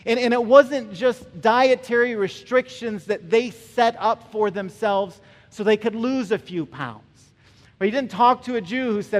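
A male pastor preaches in an animated, conversational way, often checking in with his listeners. His voice sits high for a man. The long reverb of a large hall hangs behind it. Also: measured pace. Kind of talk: sermon.

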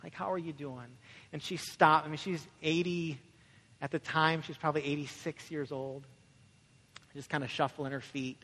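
A man's voice: on the high side, little pitch movement, normal speed, bright, forceful tone. A young man preaching a conversational sermon as a pastor, often asking "right?" and telling stories. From Michigan, USA. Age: young adult. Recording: echoey hall with long reverb.

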